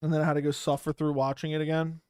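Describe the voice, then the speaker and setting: A man hosts a live stream from home into a close studio mic, and his smooth, crisp voice sits slightly high for a man. He talks bluntly in loose slang, often trailing off mid-thought, with a dry, close sound and no room around it. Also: level tone, rapid-fire, a little mellow, no room sound. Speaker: livestream host. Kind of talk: casual live-stream chat reading viewer comments. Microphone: studio microphone close up.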